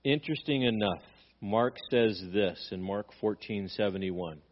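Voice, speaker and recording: A man's voice: lowish voice, measured pace, highs cut off. Man preaching with emphatic rhetorical questions. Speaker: pastor. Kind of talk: sermon.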